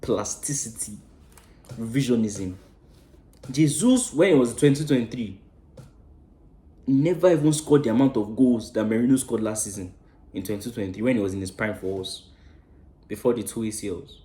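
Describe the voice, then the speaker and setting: A man hosting a football fan channel, delivering a passionate, preachy match-reaction rant that swears freely and swings between loud outbursts and hushed asides. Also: medium pitch, normal speed, long pauses, echoey room.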